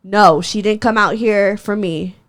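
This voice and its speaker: A woman's voice: mid-range voice, unhurried. A young woman hosting a podcast, telling a story in casual chat, heated and profane, laughing often. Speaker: podcast host.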